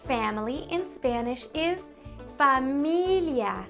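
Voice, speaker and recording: Woman teaching toddlers, slow and sing-songy, lively high voice, music behind. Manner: slow, animated, sing-song and coaxing, addressing small children. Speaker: children's Spanish teacher host. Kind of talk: bilingual toddler lesson.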